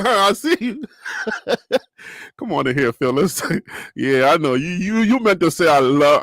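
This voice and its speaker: A high-pitched man hosts a live sports talk stream, chatting casually and laughing often. His voice swings lively up and down, and it sounds dry and close with no room around it. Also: normal speed, no echo.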